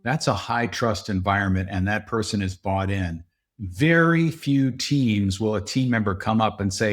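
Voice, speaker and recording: A middle-aged man who is a guest on a podcast interview, explaining his ideas and often acting out quoted dialogue in a higher voice. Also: normal speed. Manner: explanatory, acts out quoted dialogue with raised pitch. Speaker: podcast guest, leadership consultant. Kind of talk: conversational interview.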